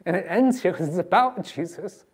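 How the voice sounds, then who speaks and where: A man's voice: high voice, animated, moderate pace, slightly rough. Give me a male pastor preaching an earnest, pleading sermon.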